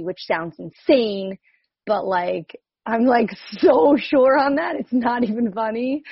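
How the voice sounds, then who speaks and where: A woman's voice: mid-range voice, dry recording. Sex: woman. Origin: New Jersey. Role: coach. Style: casual sharing on a video call. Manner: rambling, self-questioning, lots of "like". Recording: dry, slightly dull call audio. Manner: rambling and self-questioning, many "like"s, laughs often.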